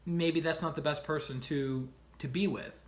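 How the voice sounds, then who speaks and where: A man on a casual livestream, retelling stories in an animated way and acting out the people in them, often checking in with the listener with "right?". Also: fairly high pitch, moderate pace. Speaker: life coach streaming to viewers.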